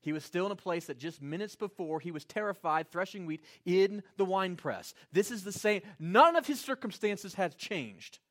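A man preaching a sermon in a conversational, animated way, voicing characters with playful asides. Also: high voice, normal speed, few pauses. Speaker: pastor.

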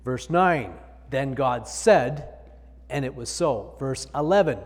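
A man's voice: medium pitch, lively intonation, takes it slowly, a little mellow, in a large hall. A male pastor preaching a sermon, reading scripture aloud and explaining it with emphatic repetition.

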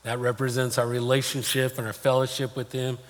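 A male pastor delivers a sermon in a plain-spoken, personal manner, weaving in stories from his own life. His mid-pitched voice rings out with a long reverb tail from a large hall. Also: flat delivery, a little fast.

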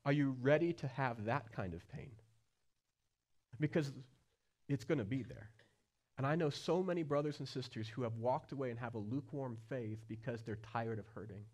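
A man preaching a sermon as pastor, earnest, with questions put straight to the listeners and swings from quiet low passages to loud high-pitched stretches. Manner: asks the listeners direct questions.

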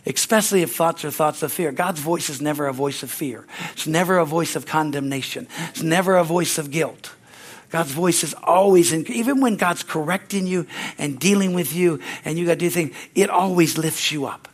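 A man's voice: a little high, normal speed. Chuckling older man preaching folksy. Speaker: pastor. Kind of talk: sermon. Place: church sanctuary.

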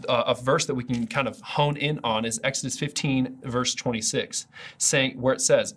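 A man's voice: medium pitch, steady tone, moderate pace, a bit bright, slightly rough. A man preaching an earnest, conversational video sermon as a pastor.

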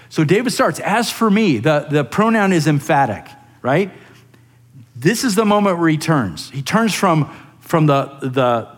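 A man preaching a sermon on a psalm, earnest and rising into animated emphasis, often repeating words as he goes. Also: on the high side. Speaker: pastor.

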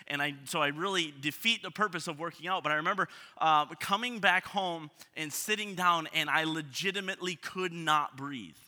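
A man's voice: on the high side, moderate pace, hardly any pauses, pushed and bright. A man in his thirties preaching a sermon, talking in a self-deprecating, conversational way with frequent restarts. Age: 30s. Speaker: pastor. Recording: reverberant hall.

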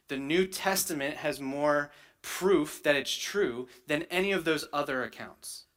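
A man's voice: a little high, fairly bright tone. A man preaching a sermon, teaching in a conversational way and often checking in with "right?". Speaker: pastor.

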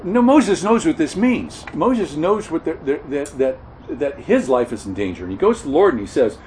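A man preaching an expository sermon, earnest and halting, often repeating words and correcting himself mid-sentence. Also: a little high, big pitch swings, a little hiss or hum, rough recording. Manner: earnest expository teaching, stresses key words.

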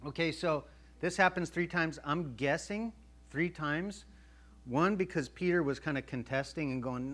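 A man's voice: a little high, normal speed, fairly bright tone. A male pastor preaching a sermon in a conversational way, acting out the voices of a Bible story and checking in with his listeners. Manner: checks in with the audience.

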